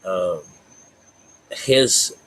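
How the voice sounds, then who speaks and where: A man's voice: deep voice, expressive, very slow, fairly bright tone, slight background noise, low-quality recording. A man giving a rambling, folksy spiritual talk to his viewers, full of fillers and asides. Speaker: spiritual vlogger.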